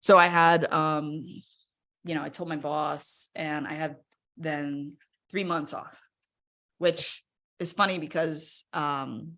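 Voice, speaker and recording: Woman, webinar storyteller; slightly low pitch, chatty and filler-heavy, animated when she quotes herself. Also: slow pace. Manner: conversational, fillers like 'like' and 'right?'. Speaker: speaker sharing her personal story. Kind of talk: personal story told in a live webinar.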